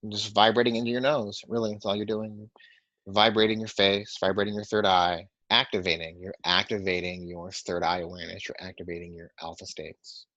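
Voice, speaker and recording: A man teaching a breathing and toning meditation, guiding listeners calmly and counting breaths slowly in a soft voice. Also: on the low side, no room sound. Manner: calm, soft-spoken guidance, counting slowly. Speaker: meditation and sound healing teacher. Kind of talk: guided breathing and toning instruction. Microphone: webinar microphone. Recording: dry, muffled webinar audio.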